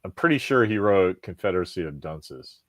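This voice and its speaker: A man hosting a podcast, talking in a rambling, profane, animated way with lots of restarts. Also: low voice, moderate pace, no echo. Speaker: podcast host. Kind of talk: casual chat.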